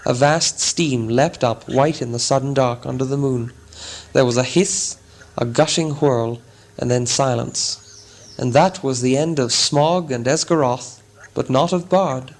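Male audiobook narrator, mid-range pitch; dramatic, deliberate reading. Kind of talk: scripted narration.

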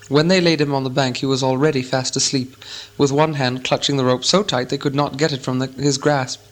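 A man reading a fantasy novel aloud as an audiobook narrator, with a measured, even storytelling delivery. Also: medium pitch.

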